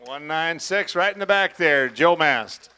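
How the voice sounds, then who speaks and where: Folksy bright-voiced auction emcee man. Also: fairly high pitch, expressive, a little slow, clear, resonant tone. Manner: folksy, encouraging banter. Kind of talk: auction announcing. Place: auction hall.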